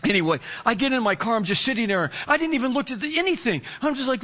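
A pastor with a very high, bright voice preaches in a lively, anecdotal way. He tells his story with energy and keeps slipping into the conversations he describes. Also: fast talker, few pauses. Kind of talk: storytelling sermon.

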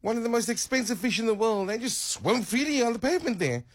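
A man hosting a chat show, musing aloud with repeated words and turning animated when excited. His voice is husky and dry, recorded close in a studio. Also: extremely high pitch, fast, no room sound. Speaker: radio host. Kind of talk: casual radio chat.

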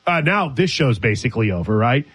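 A man's voice: mid-range voice, very animated, brisk, a bit bright, breathy edge, no echo. A man hosting a casual sports talk show, teasing his co-host in a conversational way. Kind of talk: casual sports radio chat.

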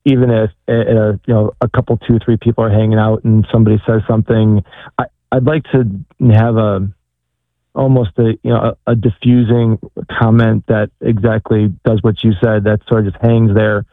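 A man calling in, speaking hesitantly with frequent halting restarts. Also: on the low side, flat delivery, no room sound. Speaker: caller. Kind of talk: casual call-in question. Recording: tinny phone line.

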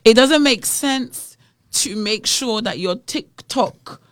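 A woman's voice: fairly high pitch, expressive, slow, dry recording, clean studio sound. A woman with a British accent co-hosting a casual Christian chat, teasing and sometimes preachy. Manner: playful, teasing, preachy asides.

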